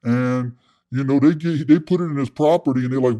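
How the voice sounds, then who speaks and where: A man's voice: mid-range voice, brisk, mellow. A man casually telling a comic story, rambling with slang and fillers. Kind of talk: comedic storytelling.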